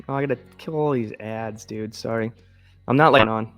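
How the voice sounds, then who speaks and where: A man of ordinary pitch hosts a political commentary show by himself. He reads articles aloud and keeps stopping to mock them with profane, sarcastic asides. Soft guitar music plays faintly behind him. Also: a little fast. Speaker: host.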